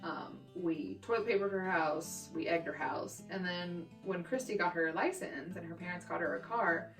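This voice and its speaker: A young woman from Texas telling childhood stories in a brash, profane, animated way for her vlog. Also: lowish voice, moderate pace. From Texas, USA. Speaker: vlogger. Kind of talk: storytime vlog. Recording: roomy echo, distant mic, faint guitar music.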